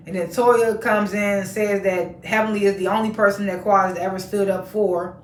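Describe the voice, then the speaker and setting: A woman's voice: mid-range voice, steady tone, a little fast, slight background noise. A woman hosting a casual recap of a reality show, chatty and laughing often as she retells the scenes. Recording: roomy echo.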